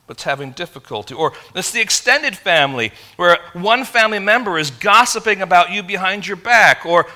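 A man from England, preaching a sermon in an animated, conversational storytelling way. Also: high voice, moderate pace, hardly any pauses. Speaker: pastor.

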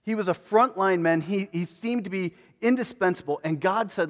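A man preaching a sermon in a conversational way, moving between emphatic lines and hushed ones. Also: high voice, brisk, hardly any pauses. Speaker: pastor. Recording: long reverb of a large hall.

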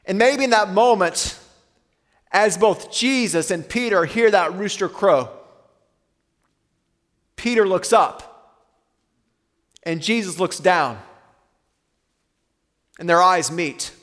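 High-voiced pastor preaching in a hall. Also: male voice, expressive. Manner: earnest, slows and softens for weighty lines. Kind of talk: sermon.

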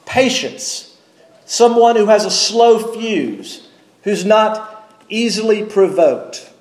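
A man preaching a sermon from the pulpit, measured and emphatic, slowing down to stress key words. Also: sits high, expressive, darkish tone, roomy sound, rough recording. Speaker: pastor. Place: church sanctuary.

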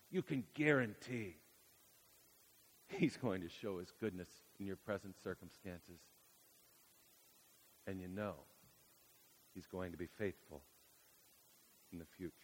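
A man preaching a sermon, telling a childhood story with dramatic swings from hushed to loud. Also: on the low side, long reverb tail.

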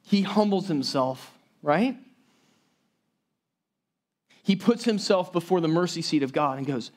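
A pastor with a high voice and darkish tone preaches a little slowly, pausing often. His delivery is conversational and emphatic, with frequent restarted phrases and asides to his listeners.

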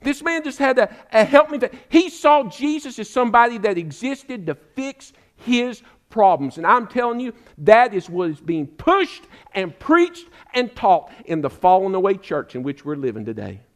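An older man preaches a sermon, his voice pitched notably high. He exhorts emphatically and keeps appealing directly to his listeners as friends. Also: big pitch swings, normal speed, few pauses. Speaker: pastor.

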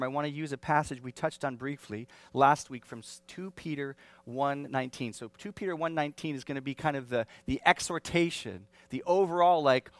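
A pastor preaching a sermon in an animated, conversational way, often restarting his phrases and adding asides. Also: mid-range voice, no echo.

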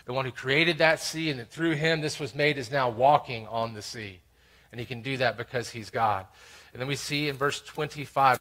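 A man's voice: mid-range voice, fairly quick, sharp tone. A man preaching to a congregation as pastor, reading scripture aloud and explaining it with earnest, emphatic stress. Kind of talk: expository sermon.

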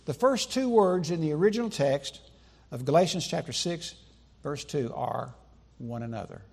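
A man preaching a sermon in a church sanctuary, emphatic, with slow deliberate pauses and repetition for stress. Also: a little high, lively intonation, creaky, darkish tone. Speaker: pastor.

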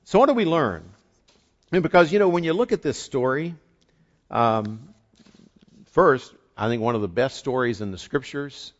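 A man from the eastern United States preaching a sermon as pastor, telling the story in a conversational, animated way. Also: medium pitch, moderate pace, pauses often. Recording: dull lo-fi recording.

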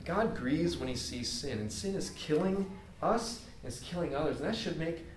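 A man's voice: a little high, lively intonation, normal speed, a little hiss or hum. Earnest preacher man in an echoey hall. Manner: earnest, informal, many fillers. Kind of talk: conversational sermon. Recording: echoey room, mic at a distance.

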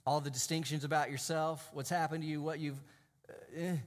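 A male pastor delivers a sermon in a church, his voice a little high, fairly even in intonation, and slightly fast. He preaches emphatically, stretching out key phrases and sometimes sinking to a hushed, almost whispered tone for emphasis.

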